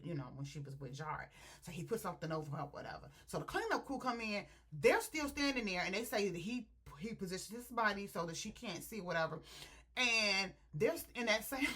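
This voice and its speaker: Husky-voiced woman retelling a story. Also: medium pitch. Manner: animated, chatty, addresses viewers directly. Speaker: book reviewer.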